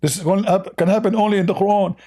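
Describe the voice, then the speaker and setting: A man's voice: sits high, fairly even intonation, fast, warm tone. An aged man from the East, hosting a livestream in a sarcastic, mocking way. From Middle East. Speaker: livestream debate host. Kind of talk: casual livestream commentary.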